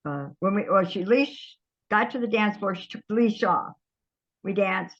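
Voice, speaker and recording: An older woman, an interview guest, telling stories from her past in a lively way, often trailing off and starting over. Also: medium pitch, dull audio. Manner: lively storyteller, trails off and restarts. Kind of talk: storytelling reminiscence.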